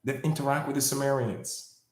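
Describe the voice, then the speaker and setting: A man's voice: medium pitch, steady tone, fairly quick, a little mellow, roomy sound. A man hosting his own video, talking in a rambling monologue to viewers, often repeating words and berating his critics. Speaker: video host. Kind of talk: casual monologue to camera.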